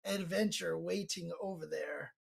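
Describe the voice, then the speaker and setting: A man's voice: a little high, a little slow, creaky, slightly rough. A man commentating a fighting-game tournament, breaking down plays and cracking jokes as he goes. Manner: joking, rambling analysis. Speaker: esports commentator.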